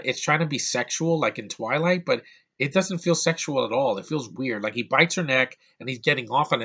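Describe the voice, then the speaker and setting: Bright-voiced man ranting about a film. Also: mid-range voice. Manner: exasperated, profane, stumbling restarts. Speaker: movie reviewer.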